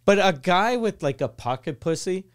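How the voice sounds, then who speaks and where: A man's voice: high voice, expressive, moderate pace, smooth. A man hosting a podcast in casual chat, rambling with frequent restarts and laughing asides. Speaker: podcast host.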